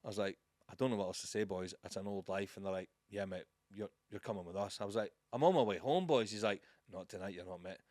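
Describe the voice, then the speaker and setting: A man's voice: lowish voice, quick pace, a little mellow, no echo, clean studio sound. A man hosting a podcast, a former soldier who tells blunt anecdotes full of swearing. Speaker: podcast host. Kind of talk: casual chat.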